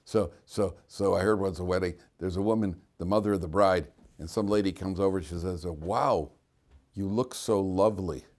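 A man's voice: low voice, steady tone, a little fast, hardly any pauses, darkish tone. A man teaching a class as a rabbi, talking informally, questioning students and cracking jokes, with frequent restarts.

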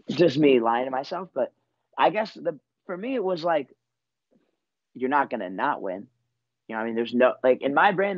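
Speaking at a medium pitch, this twentysomething man is a college wrestler telling a casual, meandering story packed with "like" and "you know." There's no echo, and the high frequencies are cut off.

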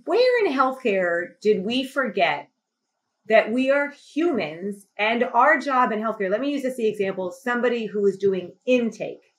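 A middle-aged woman telling a personal story as a podcast guest. She speaks with emphatic, animated passion, and her voice rises sharply when she grows indignant. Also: a little high, unhurried. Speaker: podcast guest, company CEO. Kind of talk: impassioned conversational storytelling.

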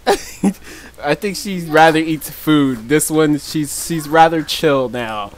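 A young man doing gameplay commentary as a YouTuber, joking and teasing, often breaking into laughter. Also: slow. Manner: laughs often, shrieks high when chased; joking, teasing trash talk. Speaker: gaming YouTuber.

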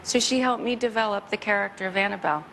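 Gravelly-voiced woman, chatty talk show guest. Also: medium pitch, fast, slight background noise, rough recording. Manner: chatty, animated storytelling with quoted voices. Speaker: guest musician. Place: television studio.

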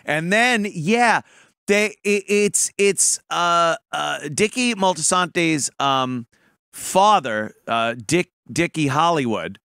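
A man hosting a call-in radio show, talking in a profane, animated, mocking way. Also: a little high, slow, smooth, no room sound, clean studio sound. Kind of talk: casual call-in talk.

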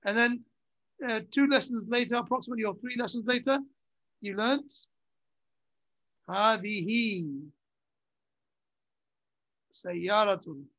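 A grammar teacher explains patiently in a mid-pitched voice, stopping often to check that the class follows. The lo-fi recording sounds dull and muffled, with a dry, close feel and no room echo. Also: fairly quick, fairly bright tone. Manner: repeats terms and checks understanding with short questions. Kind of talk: classroom lesson.

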